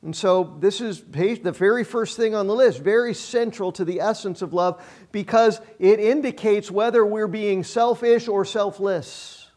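Pastor, male, middle-aged, higher register, sermon delivered like a chat, emphatic repeats. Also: moderate pace, darkish tone. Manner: conversational and self-deprecating, with emphatic repetitions.

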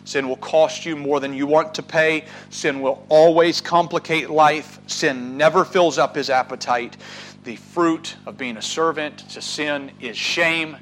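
A man preaching a sermon, swinging from loud urging to hushed, drawn-out words. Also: on the high side, fairly even intonation, a little hiss or hum, low-quality recording. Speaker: pastor.

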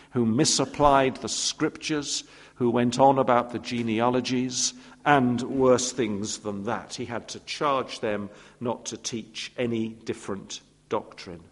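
A man preaching a sermon, telling stories with playful asides and acting out quoted voices. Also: medium pitch. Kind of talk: expository sermon. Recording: long reverb of a church hall.

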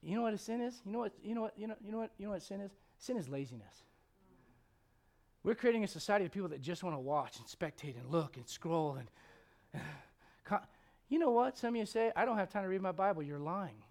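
A male pastor preaching a blunt, confrontational sermon, swinging from loud outbursts to hushed intensity. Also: sits high, expressive, a little fast, vocal fry, pauses often.

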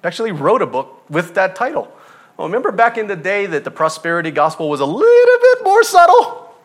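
A male pastor preaching a sermon, moving from hushed near-whispers to loud, emphatic passages. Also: high-pitched, wildly swooping pitch, fairly quick.

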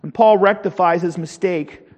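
A male preacher giving a dramatic sermon, swinging from loud declarations to low, quiet lines and acting out crowds and quoted scripture. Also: moderate pace. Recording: long hall reverb.

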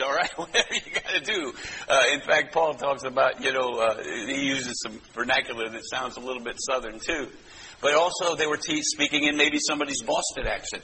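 Bright-toned preaching pastor. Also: male voice, medium pitch, a little hiss or hum, poor audio. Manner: conversational teaching with asides to listeners. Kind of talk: sermon.

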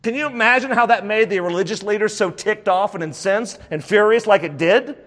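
A man's voice: high voice, fairly quick, a bit bright, long reverb tail. A man preaching a sermon, emphatic and full of rhetorical questions, repeating phrases for stress.

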